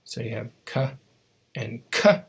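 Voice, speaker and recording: A man's voice: medium pitch, level tone, unhurried. A man teaching a language class, patiently explaining how to make each sound, with frequent ums and restarts.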